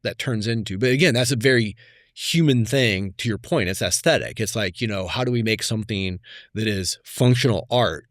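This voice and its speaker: A man in his fifties, a podcast guest, telling stories in a reflective, conversational way that often trails off softly. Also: fairly low pitch, normal speed, dry recording, studio quality. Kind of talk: casual conversation.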